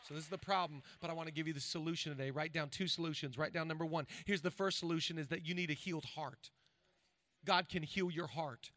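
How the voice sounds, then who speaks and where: A man in his forties preaching a sermon to his congregation, swinging between loud bursts and hushed asides. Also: fairly high pitch, fairly even intonation, fast talker. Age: 40s. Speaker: pastor.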